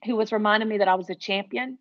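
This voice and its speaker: A woman's voice: mid-range voice, fairly even intonation, racing, dry recording, dull audio. Earnest woman telling a story. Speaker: guest. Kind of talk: storytelling interview.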